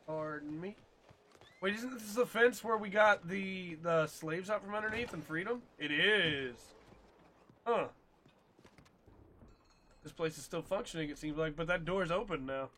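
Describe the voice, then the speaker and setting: Chatty bright-voiced gamer. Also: male voice, high-pitched, measured pace, long pauses, a little hiss or hum. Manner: chatty, joking, talks to horse. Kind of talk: casual game commentary.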